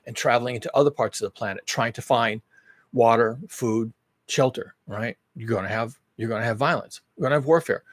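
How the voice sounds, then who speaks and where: A man's voice: medium pitch, no room sound. A man hosting his own channel, talking through big questions in a rambling, emphatic monologue full of rhetorical questions. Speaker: host. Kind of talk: casual monologue.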